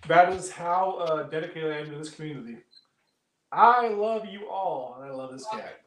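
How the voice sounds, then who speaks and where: A tipsy man on a podcast jokes around loosely with the host. His voice runs high, and it rings with room echo. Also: normal speed, fairly bright tone, distant mic, slight background noise. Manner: loose, joking. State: drunk. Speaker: podcast guest. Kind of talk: casual drunk podcast chat.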